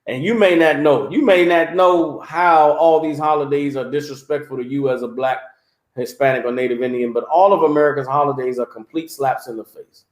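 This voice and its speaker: A man preaching on a livestream, animated and mocking, often asking "You understand?". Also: on the high side, a little fast, echoey room. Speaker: religious teacher.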